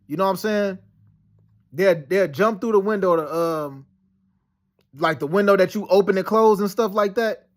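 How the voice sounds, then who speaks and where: A man with a notably high speaking voice talks in a loose, rambling monologue. He circles back on himself with restarts, fillers and street slang like "yo" as he tells his story. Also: moderate pace, pauses often. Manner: slangy, peppered with "yo" and "you know what I'm saying". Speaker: vlogger recounting dreams and past events.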